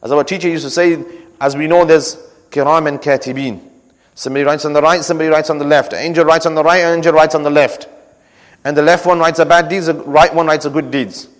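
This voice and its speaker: A man preaching a sermon, telling a story earnestly and breaking into rapid recited scripture. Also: on the high side, fairly even intonation. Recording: long hall reverb.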